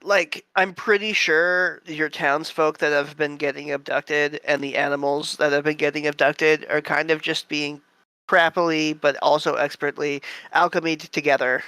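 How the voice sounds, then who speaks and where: A man with a bright, forceful voice, recorded dry with no room sound. He talks offhandedly and wryly as a player in a tabletop game. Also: fairly high pitch, little pitch movement, normal speed, smooth, no echo. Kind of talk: tabletop game role-play.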